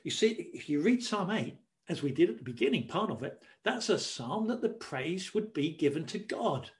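Animated high-voiced male preacher. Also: normal speed. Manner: expressive, acts out quoted voices and shushing. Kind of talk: sermon.

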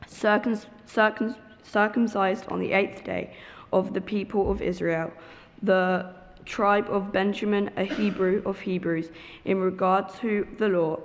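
A woman reading a Bible passage aloud carefully, now and then stumbling on a word. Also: mid-range voice. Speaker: scripture reader. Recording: long hall reverb.

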